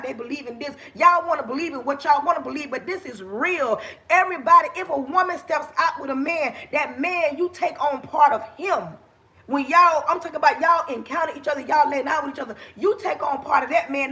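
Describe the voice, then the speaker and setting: A woman hosting a casual livestream from her kitchen, talking to viewers in an animated, preachy way. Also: high voice. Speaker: livestream host. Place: home kitchen.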